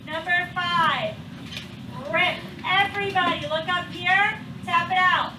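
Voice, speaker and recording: A woman's voice: very high voice, noisy background. A woman teaching a classroom phonics lesson, patiently drawing out the sounds of each word. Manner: patient, drawn-out sounding of words. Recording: echoey classroom from far off.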